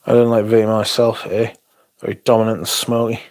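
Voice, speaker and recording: A man's voice: on the low side, little pitch movement, brisk, darkish tone. A young man hosting a livestream, chatting casually, rambling and swearing as he reads comments aloud. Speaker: livestream host.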